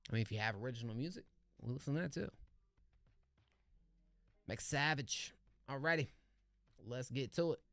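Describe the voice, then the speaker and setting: A man's voice: medium pitch, normal speed, long pauses, a bit bright. A man hosting a live music review stream, chatting casually and enthusiastically with lots of slang, fillers and restarts. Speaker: livestream music review host.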